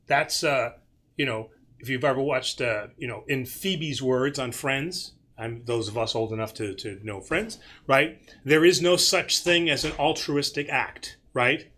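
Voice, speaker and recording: A man's voice: on the high side, a bit bright. A man hosting a church question-and-answer livestream as its priest, talking casually with many fillers and restarts. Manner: rambling, lots of fillers and restarts.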